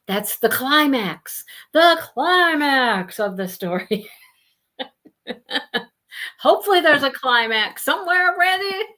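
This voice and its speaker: A woman chats casually about books on a live show, her pitch swinging up and down with a lot of life. She talks in a loose, friendly way and laughs easily. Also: slow pace, pauses often. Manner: chatty, laughing, animated. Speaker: book discussion host.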